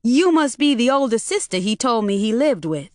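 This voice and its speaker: A woman's voice: fairly high pitch, very animated, moderate pace, no echo, clean studio sound, voice pushed up. A woman reading an audiobook and voicing a polite, folksy male stranger at the door.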